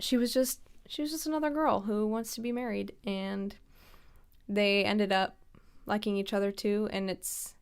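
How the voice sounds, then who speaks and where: A woman co-hosting a podcast in casual film-discussion chat, chatty and reflective, often trailing off into soft asides. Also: mid-range voice, smooth. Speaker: podcast co-host.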